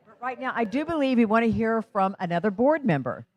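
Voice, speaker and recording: A woman's voice: a little high, big pitch swings, fairly quick, darkish tone, dry recording. A woman hosting a live charity fundraiser and running the auction, upbeat and coaxing the bidders.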